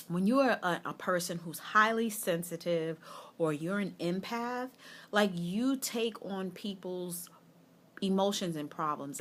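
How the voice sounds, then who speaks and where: Chatty woman coach talking to camera. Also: fairly low pitch. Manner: warm, chatty and encouraging, addressing viewers directly. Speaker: life coach. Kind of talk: casual motivational vlog.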